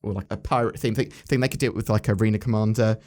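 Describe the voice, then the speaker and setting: A man's voice: fairly low pitch, fairly even intonation, very fast, mellow. A man hosting a casual chat about game news, rambling and asking his co-host questions.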